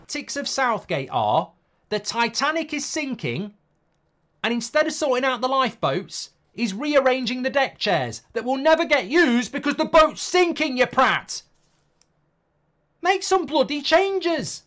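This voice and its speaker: A man hosts a live football reaction in a ranting, swearing, exasperated tirade. His voice runs high and strained. He curses freely and sounds fed up with his own side. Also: sing-song, measured pace, fairly bright tone.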